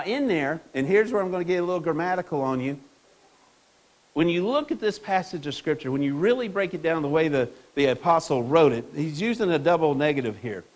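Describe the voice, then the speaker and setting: High-voiced emphatic male preacher. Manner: emphatic preaching with rhetorical questions and repetitions; reads scripture aloud to the congregation. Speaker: pastor. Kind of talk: sermon.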